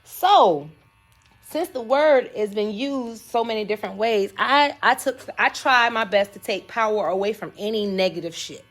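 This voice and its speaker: A young woman hosting a casual live chat, animated and laughing, acting out quotes in shifting voices. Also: mid-range voice, moderate pace, hardly any pauses. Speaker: host.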